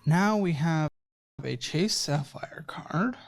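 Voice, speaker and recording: A man's voice: a little high, expressive, slow. A man hosting a money-advice show, blunt and exasperated as he reviews a guest's debts. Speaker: financial advice host. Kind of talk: casual money-advice talk.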